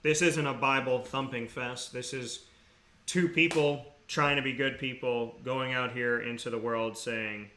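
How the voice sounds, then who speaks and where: A man hosting a talk show segment, telling stories with excitement and sincere, earnest thanks. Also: mid-range voice, unhurried, slight background noise. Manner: excitable, laughing storyteller, then quiet and earnest. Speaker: radio show host.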